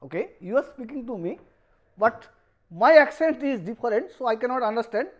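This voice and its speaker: A man's voice: very high-pitched, lively intonation, fairly quick, dull audio. A middle-aged male professor from a Bengali-speaking background, speaking English with a Bengali accent in a university lecture, often restarting and repeating phrases.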